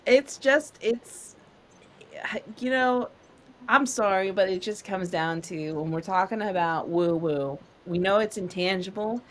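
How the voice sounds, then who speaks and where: A woman's voice: medium pitch, measured pace. A woman podcast host answering questions in a casual chat, earnest and encouraging, laughing easily.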